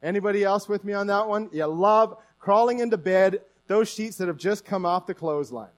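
High-voiced pastor with Newfoundland accent. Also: male voice, a little fast. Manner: conversational, folksy, asks the congregation questions. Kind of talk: sermon.

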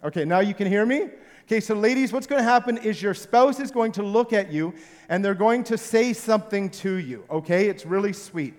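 A male pastor with a notably high voice preaches to a live congregation, his words ringing through a long hall reverb. He tells stories with a playful, joking manner and gets the room to join in. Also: animated, brisk, darkish tone. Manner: playful, jokey storytelling. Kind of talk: sermon with audience participation.

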